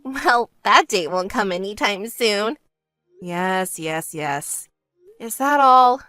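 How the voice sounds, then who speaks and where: A woman voicing a level-headed young woman who speaks in a cool, dry and curt way in an animated story. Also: mid-range voice, slow, dry recording, soft background music. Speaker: narrating protagonist.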